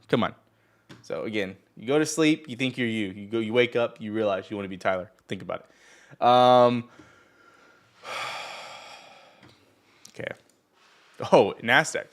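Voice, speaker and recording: A man's voice: medium pitch, a bit bright. Rambling, boastful man hosting a livestream. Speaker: livestream host. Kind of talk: casual live market chat.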